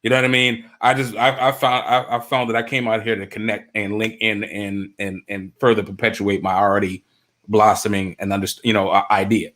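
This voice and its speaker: A man from the US East Coast, chatting as a roundtable guest, halting and searching for words with many fillers. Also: lowish voice, level tone, a bit bright. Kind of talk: casual chat.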